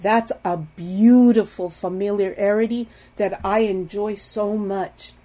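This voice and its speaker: A middle-aged woman giving an earnest talk on marriage and intimacy, pleading with her listeners, swinging from loud emphasis to soft hushed lines. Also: mid-range voice, fairly even intonation, takes it slowly. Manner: earnest, pleading, addresses viewers as "people". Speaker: Christian marriage teacher. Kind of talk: earnest teaching talk to viewers.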